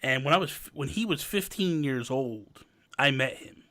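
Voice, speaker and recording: This podcast host, a man in his thirties, chats casually and tells stories animatedly, acting out the quotes. His voice is mid-range and he talks at a moderate pace.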